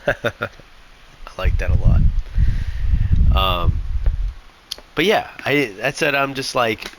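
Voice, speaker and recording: A man's voice: mid-range voice, lively intonation, slow, pauses often. A man co-hosting a podcast, chatting casually about a book and thinking aloud with restarts. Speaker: podcast co-host. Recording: noisy background hiss.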